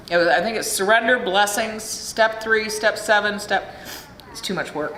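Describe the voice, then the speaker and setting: A woman's voice: mid-range voice, pushed and bright. A middle-aged American woman giving a frank, profane recovery talk at a meeting, speaking into a podium mic in a large hall. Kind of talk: recovery share speech. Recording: echoey hall with faint room noise.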